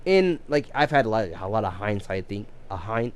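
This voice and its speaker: A man's voice: lowish voice, big pitch swings, brisk, smooth. A man in his thirties chatting casually on a live game stream, rambling with many restarts and repeated words. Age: 30s.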